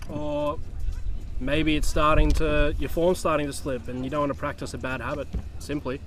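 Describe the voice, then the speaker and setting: A man's voice: on the high side, level tone, normal speed, fairly bright tone, recorded from a distance, faint music behind. A man with an Australian accent giving short, laid-back answers at an outdoor interview. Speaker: guest archer. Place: outdoors beside a competition field. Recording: outdoor noise in the background.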